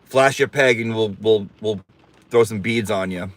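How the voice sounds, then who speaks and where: A man's voice: medium pitch, normal speed. A man hosting a casual livestream, campy and sassy, swearing freely and reading out viewer comments. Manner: reads viewer comments aloud. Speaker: livestream host.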